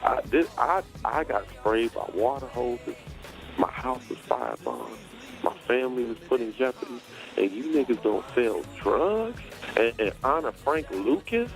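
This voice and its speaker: A man's voice: on the low side, unhurried, soft background music, natural voice. A man putting on the voice of an outraged civil rights preacher who curses and fires off indignant rhetorical questions. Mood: enraged.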